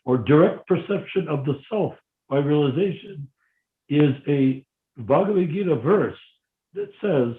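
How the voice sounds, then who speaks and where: An older man leading a devotee meeting by phone, talking casually and animatedly, acting out dialogue with sudden loud outbursts. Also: fairly high pitch, expressive, a little slow. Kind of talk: casual teaching talk over a phone meeting. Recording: tinny phone line, echoey.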